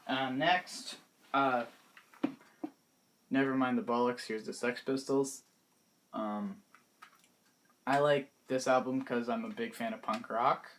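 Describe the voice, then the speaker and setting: A young man in his late teens casually talking through his favorite music in a vlog, hesitant and pausing often, his words trailing off softly. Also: mid-range voice, fairly even intonation, slight background noise. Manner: hesitant, many pauses and restarts, trailing off softly. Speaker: vlogger.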